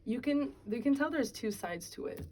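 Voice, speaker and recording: A young woman in casual chat as an interviewee, talking outdoors on a city street, chatty and quick to laugh, with lots of fillers. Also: on the high side, animated, warm tone. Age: young adult.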